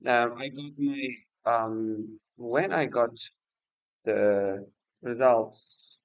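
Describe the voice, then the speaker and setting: Slow halting guy chatting on his stream, umms everywhere, muffled audio. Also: mid-range voice, no echo. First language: Uzbek. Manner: hesitant, many fillers and restarts. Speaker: livestream host and exam student. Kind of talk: casual livestream chat.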